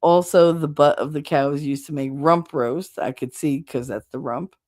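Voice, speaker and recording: A woman with a New Jersey accent hosting a casual livestream chat, chatty and blunt, her voice going hoarse from talking so long. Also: low voice, fairly even intonation, moderate pace, a little mellow. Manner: chatty, rambling, blunt with swearing. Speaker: livestream host reading chat.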